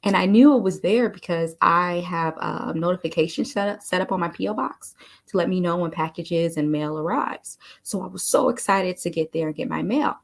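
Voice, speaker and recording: Woman, motivational talk, animated storytelling, gravelly fry in her voice. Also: on the low side. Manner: animated, chatty, addresses listeners as "you all". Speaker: motivational speaker.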